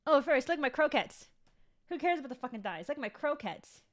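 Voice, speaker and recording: A woman's voice: high voice, lively intonation, a little fast. A young woman vlogging in casual chat to her viewers, rambling and swearing freely.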